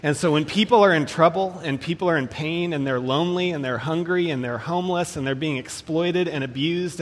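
A man preaching a sermon in a measured, emphatic way, slowing down to stress key phrases. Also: on the high side, fairly bright tone, in a large hall.

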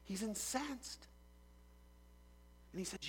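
Man, pastor, sermon; raised pitch, gravelly edge, lively storyteller asking the room questions, long hall reverb. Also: normal speed. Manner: animated storytelling with rhetorical questions.

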